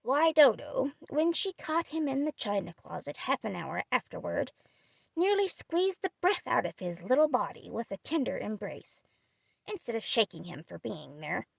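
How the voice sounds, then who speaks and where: Woman audiobook narrator, high lively voice with creak, dry close mic. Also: no room sound. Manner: expressive storytelling. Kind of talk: scripted narration of a classic novel.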